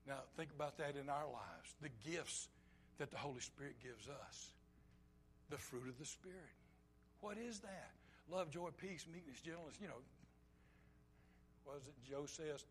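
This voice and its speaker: A man with a notably high voice preaches a sermon. He moves between loud, emphatic lines and quiet, low asides, and slips into short acted-out bits of dialogue. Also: normal speed, long pauses, a little hiss or hum. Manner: acts out short quoted dialogue.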